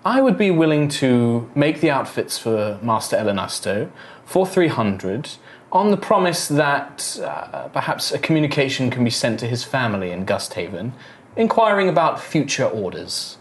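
A man voicing a formal, courteous elf tailor who bargains shrewdly and speaks in a polite, measured way. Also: medium pitch, big pitch swings, slight background noise, natural voice.

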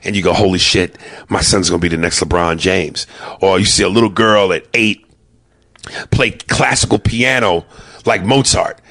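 A man's voice: sits low, fairly even intonation, vocal fry, no room sound. A middle-aged man from New York with a New York accent, telling profane stand-up stories about his kids and acting out their voices. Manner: loud, profane, acts out family members in quick voices. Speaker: stand-up comedian. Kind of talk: stand-up storytelling.

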